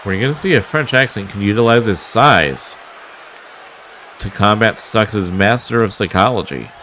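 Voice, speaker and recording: Here the wrestling commentator's play-by-play has a lowish pitch and normal speed, delivered animatedly over a noisy background. His manner stays wry and mocking, broken by the odd chuckle.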